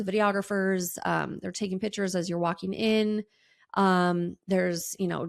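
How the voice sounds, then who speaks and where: A woman's voice: on the low side, vocal fry. A woman hosting a solo podcast, telling a personal story in a chatty way with many ums and restarts. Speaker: podcast host.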